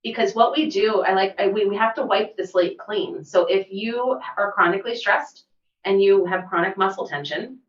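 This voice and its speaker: A middle-aged woman co-hosts a podcast in easy, animated chat, spinning family stories. She sounds set back from the mic in a roomy space. The sound is a little dull. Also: mid-range voice, moderate pace, distant mic. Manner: animated storyteller, laughs easily. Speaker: podcast co-host, massage therapist and physical therapy assistant.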